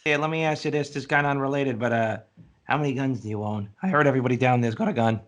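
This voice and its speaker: A man's voice: medium pitch, racing, natural voice. A man playing a brash, salesy hiring manager in a comedy sketch who repeats himself, talking over a video call.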